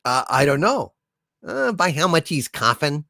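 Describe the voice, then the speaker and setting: A man putting on a low, slow-witted tentacled monster puppet, stammering and unsure, dry close sound with no room echo. He drags out his words like a comic sidekick who never gets the joke. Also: very animated, gravelly, pushed and bright, heavily acted. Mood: puzzled.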